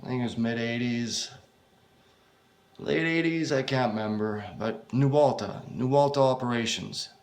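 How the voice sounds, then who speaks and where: A man's voice: mid-range voice, normal speed, lightly acted. A man voicing a weary, desperate male friend who pleads hesitantly and swears as he pushes a job offer. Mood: urging.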